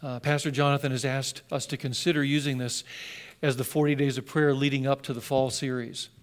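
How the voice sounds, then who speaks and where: A man preaching a sermon, telling the story with passion and swinging from loud emphasis to hushed lines. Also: medium pitch, flat delivery, a little fast, smooth.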